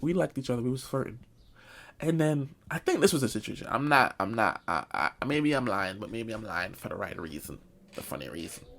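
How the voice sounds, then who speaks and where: A man telling a comic storytime, talking loosely in slang and saying bro a lot. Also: medium pitch. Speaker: vlogger. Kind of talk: comedic storytime.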